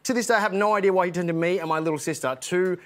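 Aussie comedian guest, talks really fast, animated stories, slightly high voice. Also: male voice. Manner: fast, animated storytelling that slips into mock voices. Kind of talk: casual TV chat.

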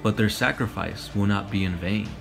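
A stern, commanding warrior-priest in heavy armor who speaks with formal solemnity, read by a man. His voice is low and gravelly over faint music. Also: normal speed. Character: stern armored space knight chaplain, commanding elder.

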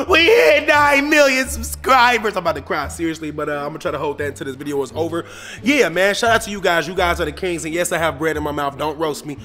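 Man, thirties, loud, dramatic, playful family vlogger, high voice. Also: racing, soft background music. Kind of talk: casual family vlog.

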